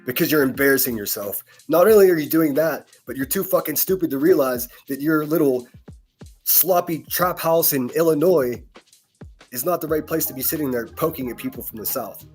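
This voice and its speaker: A man's voice: a little high, fairly quick, a little mellow, faint music behind. A man hosting reaction commentary, ranting with scornful, profane insults at the people he criticizes. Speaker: commentary channel host.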